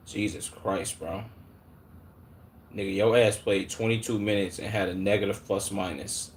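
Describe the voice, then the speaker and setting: A man streaming live, his voice sitting on the lower side. He talks bluntly with plenty of slang and swearing. He restarts his sentences as he thinks them through, with a faint hum of noise behind him. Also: steady tone, moderate pace. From Chicago. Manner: blunt, heavy slang and swearing, calls the audience "gang" and "bro"; thinks aloud with many restarts and repeated words. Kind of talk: live-stream commentary reacting to chat.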